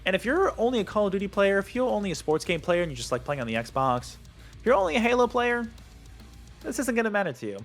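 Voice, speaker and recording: A young man ranting to camera as a gaming video creator, heated and profane, his pitch jumping up when he gets worked up. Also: sing-song, quick pace, few pauses, faint music behind. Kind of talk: angry rant to camera.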